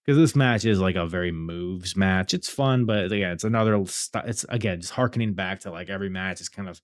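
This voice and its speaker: A man's voice: low-pitched, fairly quick, hardly any pauses, no room sound, clean studio sound. A man hosting a podcast, reviewing wrestling shows in a casual, rambling way with many fillers. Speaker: podcast host.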